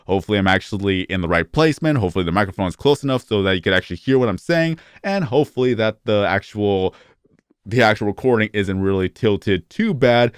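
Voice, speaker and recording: A man's voice: lowish voice, clean tone, dry recording, clean studio sound. A man in his thirties talking to his phone camera in a casual vlog, rambling and often restarting or stuttering. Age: 30s. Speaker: YouTuber.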